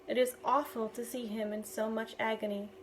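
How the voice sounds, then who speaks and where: A woman reading a novel aloud in a steady, expressive way. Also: fairly high pitch, normal speed, slight background noise, poor audio. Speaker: reader.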